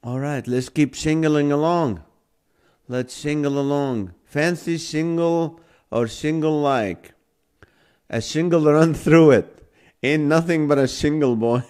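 Slow-talking man laughing through puns. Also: fairly high pitch, a little mellow, clear, resonant tone. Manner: laughing helplessly between punny lines. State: laughing to tears. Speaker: host. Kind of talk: live-stream chat reading comments.

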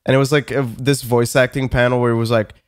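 A man's voice: medium pitch, level tone, fast, clean tone, no echo, studio quality. A man co-hosting a comedy podcast, telling a rambling story full of swearing and restarts. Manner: rambling, profane, many restarts. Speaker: podcast co-host.

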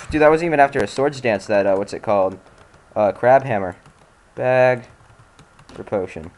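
A man's voice: mid-range voice, moderate pace, darkish tone. A man hosting a let's-play, giving casual gameplay commentary while exasperated, muttering and swearing at the game.

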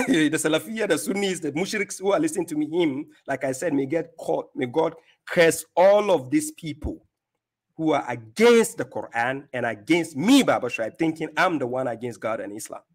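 Slightly high and animated at a moderate pace, a man from Ghana reacts to a clip he plays as host. His rebuttal is scornful: he taunts the speaker and laughs at his opponent.

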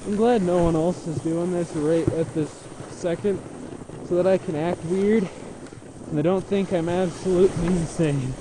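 A man filming himself skiing a steep slope, chatting in a casual, self-mocking, excitable way. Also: high voice, normal speed, noisy background. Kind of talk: casual self-filmed commentary. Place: outdoors on a steep ski slope.

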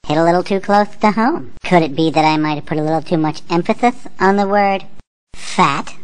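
A woman voicing a hyperactive, taunting, foul-mouthed cartoon character who talks in rapid, mocking, sing-song jabs. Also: lowish voice, clean tone, natural voice. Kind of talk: cartoon voice acting.

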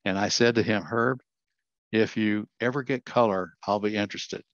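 An older man talks through his slides as a guest speaker, earnest and quick to correct himself mid-sentence. His voice sits low, and the video call sound is dull and lo-fi. The room around him is dry, with no echo. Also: fairly even intonation. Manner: earnest, self-correcting storyteller. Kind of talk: slide presentation talk.

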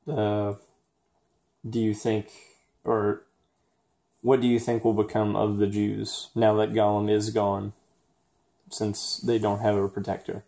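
A man reading a picture book aloud for an assignment, steady in the story and hesitant with fillers when he poses questions. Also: lowish voice, slow, creaky, long pauses. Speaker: student reader.

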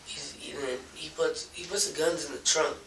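Young male suspect, rambling halting delivery, gravelly edge, distant roomy recording. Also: a little high, fairly even intonation, bright, forceful tone. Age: young adult. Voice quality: rambling, full of restarts. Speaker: suspect being interrogated. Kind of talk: halting recounting of events. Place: interrogation room. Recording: roomy, from a distance, faint noise.

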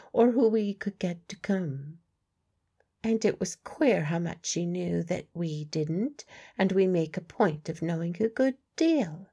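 A woman's voice: lowish voice, vocal fry, warm tone, slightly rough, full character voice. A woman playing a blunt working-class medium.

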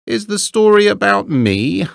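A man's voice: fairly low pitch, sing-song, a little slow, no echo, studio quality. A man voicing a pompous, self-important old male water rat in a storybook reading.

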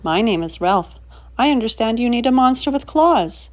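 A woman's voice: a little high, lively intonation, normal speed, darkish tone, lightly acted. A woman voicing a prim, well-groomed male monster with a silky voice and polite, refined manners.

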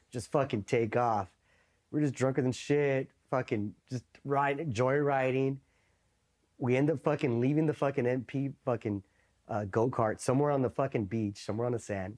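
A man from East Los Angeles, a Marine veteran in his thirties, telling war-era stories in a loose, profane way and acting out the voices of others. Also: mid-range voice. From East Los Angeles, USA. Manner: profane, animated, acts out quoted voices. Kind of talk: casual storytelling interview.

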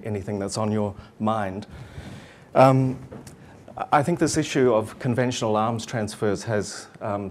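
A middle-aged man with a New Zealand accent giving a formal lecture to students, measured and steady with frequent um fillers. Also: fairly low pitch, slight background noise. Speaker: guest lecturer.

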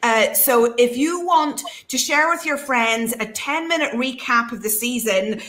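A woman's voice: a little high, a little slow, fairly bright tone. A woman with a Northern Irish accent hosting a live ministry broadcast, chatting and laughing, then preaching with emphasis. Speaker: host, preacher.

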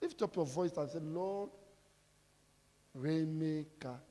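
A man preaching a sermon as pastor, asking the congregation questions and breaking into sudden shouts. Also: fairly high pitch, takes it slowly. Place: large church hall. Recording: reverberant hall with music behind.

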